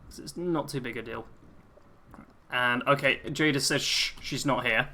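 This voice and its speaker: A man's voice: mid-range voice, normal speed, pushed and bright. A young man with an English accent that drifts between posh and street, chatting through a live game stream, reading out chat messages and laughing easily. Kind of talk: live gameplay commentary.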